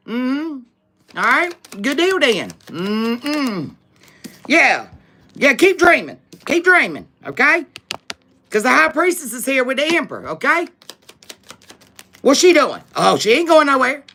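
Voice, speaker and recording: A woman's voice: high voice, very animated, a little slow, vocal fry, pushed and bright. A woman giving a live tarot reading, talking in a sassy, emphatic way straight to her viewers, with frequent laughs. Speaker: tarot reader.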